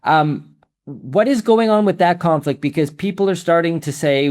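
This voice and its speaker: A man's voice: a little high, expressive, normal speed, a little mellow. A man hosting an interview, asking long, conversational questions. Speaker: podcast host.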